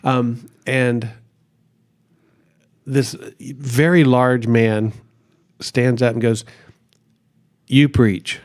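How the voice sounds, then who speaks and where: Animated storytelling man, pastor. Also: mid-range voice, extremely slow, long pauses. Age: middle-aged. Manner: animated storyteller, acts out quotes, laughs often. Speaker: pastor, interview guest. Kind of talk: casual storytelling interview.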